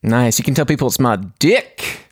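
A man hosting a podcast in casual chat over a phone call, relaxed and swearing freely. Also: mid-range voice, moderate pace, slightly rough, dry recording. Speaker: podcast host.

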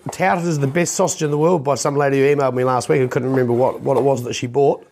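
Fast, gravelly Kiwi man. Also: mid-range voice, fairly even intonation, a little mellow, slight background noise. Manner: rapid, profane, joking. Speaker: co-host. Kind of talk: casual podcast banter.

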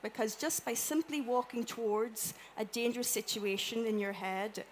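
A woman with an Irish accent giving a chatty, animated talk to a live audience, acting out little quotes as she goes. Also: fairly high pitch, moderate pace, slight background noise. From Ireland. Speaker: conference speaker. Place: event room with an audience.

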